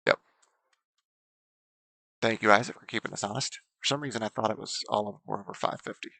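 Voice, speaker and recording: Bright, gravelly bowling commentator man. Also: on the low side, a little fast, no room sound, poor audio. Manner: steady, explanatory, with frequent ums. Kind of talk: play-by-play sports commentary.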